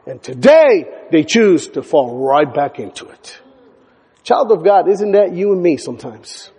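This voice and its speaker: A male pastor preaching a sermon, emphatic, hammering words through repetition and building to near shouts. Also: a little high, very animated, measured pace, husky. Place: church sanctuary. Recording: church hall with long reverb.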